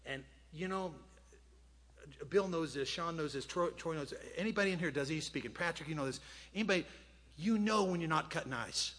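A male preacher delivers a sermon, his voice bright and sharp. He tells stories dramatically, dropping to hushed tones between stretches of plain talk. A long hall reverb trails his words. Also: fairly high pitch, animated, brisk.

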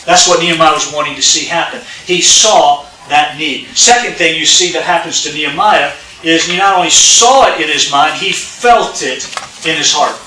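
A man's voice: on the high side, moderate pace, sharp tone, slight background noise. A pastor preaching a sermon to his congregation in a church, talking conversationally, repeating key phrases and putting questions to the listeners. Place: church sanctuary. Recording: echoey room, voice from a distance.

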